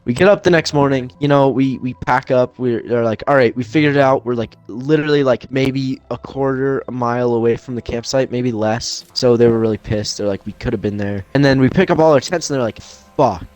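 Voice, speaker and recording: A man's voice: medium pitch, a little fast, hardly any pauses, a little mellow, smooth, dry recording. Young man, casual storyteller, rambling, swears a lot, lots of fillers. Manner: loose, profane, filler-heavy storytelling. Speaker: podcast host telling a story.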